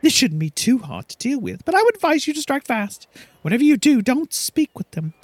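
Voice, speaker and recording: A man's voice: very high voice, sing-song, fairly quick, no room sound, pitched above the performer's own voice, exaggerated voice. A man voicing a vain, imperious female actress, reading her game lines aloud in a grand, theatrical way. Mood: haughty.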